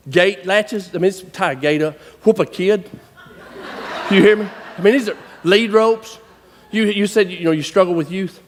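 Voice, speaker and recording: Animated Southern preacher in a hall. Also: male voice, sits high. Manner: folksy, animated, laughing storyteller. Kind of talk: storytelling sermon. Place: church hall. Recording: long reverb of a large hall.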